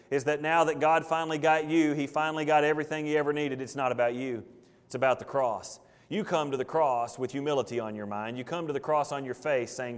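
A man preaching a sermon, building force through repeated phrases and then dropping to quiet, earnest emphasis. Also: mid-range voice, long reverb tail. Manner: preaching with rising and falling intensity, repetition for emphasis. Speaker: pastor.

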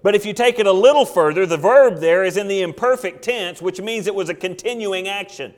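A man's voice: sits high, brisk, few pauses. A male pastor preaching an emphatic sermon, asking questions and acting out quotes. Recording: long hall reverb.

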